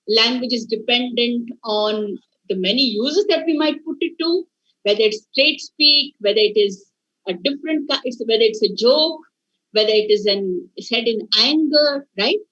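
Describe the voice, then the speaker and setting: A woman's voice: on the high side, lively intonation, normal speed, fairly bright tone. A woman lecturer teaching an online faculty workshop, talking her class through ideas and asking them rhetorical questions. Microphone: video call. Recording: dull lo-fi video call audio.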